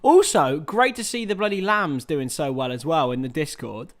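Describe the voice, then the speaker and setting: A young man hosting a live football watchalong, chatting with viewers, swearing freely and shouting at big chances. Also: a little high, expressive, moderate pace. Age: young adult. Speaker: watchalong host.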